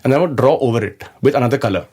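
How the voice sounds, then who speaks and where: A man with an Indian English accent, a guest artist telling stories in a casual interview, animated and mixing in Hindi phrases. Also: mid-range voice, very fast, husky.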